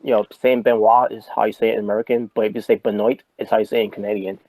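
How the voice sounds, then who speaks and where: A man's voice: fairly low pitch, little pitch movement, very fast, warm tone, no echo, poor audio. A man co-hosting a podcast, rambling in casual wrestling talk with many restarts and fillers. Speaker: podcast co-host.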